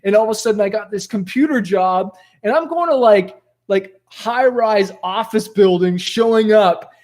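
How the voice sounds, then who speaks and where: A man, a rap rock musician, telling stories from his past in a motivational talk to camera, animated and conversational, full of "like" and "okay?". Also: high-pitched, normal speed.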